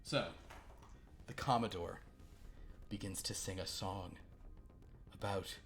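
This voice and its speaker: A man's voice: deep voice, slow pace, gravelly, a bit bright, faint music behind. A man narrating a tabletop role-playing game as game master, playful and rambling with frequent restarts. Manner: playful, rambling, self-correcting.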